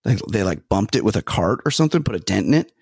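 A man co-hosting a comedy podcast, his pitch swinging up and down as he tells stories with jokey exaggeration. His voice is gravelly and a little husky, and the sound is close and dry. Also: fast talker, dry recording. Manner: animated storytelling, jokey exaggeration. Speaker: podcast co-host. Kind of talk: casual comedic chat.

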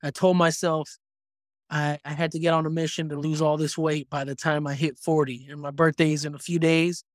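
A man in his thirties talks through his story as a podcast guest, animated and casual, pausing on plenty of ums. His voice sits a bit high for a man. The sound is dry and close, with no room around it. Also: no echo. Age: 30s.

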